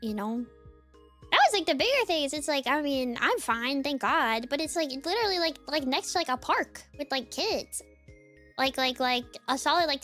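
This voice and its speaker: A young woman streamer chatting casually with her viewers, rambling with lots of filler words. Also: high-pitched. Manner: rambling, many "like" fillers, lively swings. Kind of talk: casual chat with chat readers.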